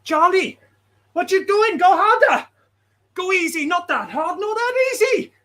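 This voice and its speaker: A man's voice: very high-pitched, lively intonation, sharp tone, pitched above the performer's own voice, exaggerated voice. A man voicing a bossy male cycling coach who barks orders. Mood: barking. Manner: barking rapid orders.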